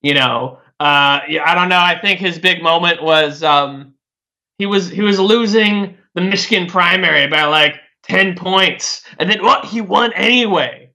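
With a high-sitting voice and a slightly slow delivery, a man talks politics casually. His tone is bright and forceful, and he rambles loosely, filling gaps with "like" and "uh" and often starting sentences over.

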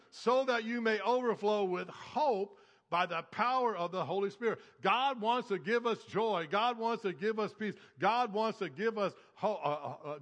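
A male pastor delivering a sermon with a high, bright, ringing voice. He preaches emphatically, stacking repeated phrases in rhythmic lists. His voice carries a long reverb, as if heard in a church sanctuary.

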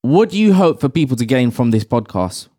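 A man's voice: mid-range voice, sing-song, a little fast, dark tone, dry recording. A man hosting a podcast from a small home studio, chatting and teasing his friends. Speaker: podcast host. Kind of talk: casual chat.

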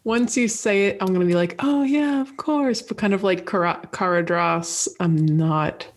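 A woman co-hosting a podcast in casual chat, answering and asking trivia questions in a chatty, warmly enthusiastic and playful way. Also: fairly low pitch, fairly even intonation, normal speed. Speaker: podcast co-host, quiz contestant.

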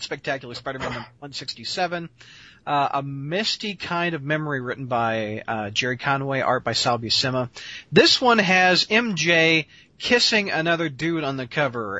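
A man's voice: a little high, pushed and bright, no room sound, highs cut off. A man co-hosting a casual chat, asking questions and reading out notes. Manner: asks questions, reads out notes. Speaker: podcast co-host.

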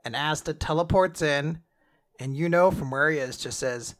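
A man's voice: fairly high pitch, fairly bright tone. A man co-hosting a podcast, casually recapping a manga chapter with jokes and asides. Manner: rambling, joking, quick asides. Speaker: podcast co-host.

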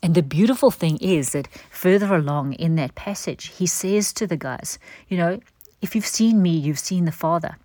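A middle-aged woman giving an earnest devotional teaching, gentle in manner and dropping to a soft breathy hush at times. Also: lowish voice, moderate pace, dry recording. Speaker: Christian teacher.

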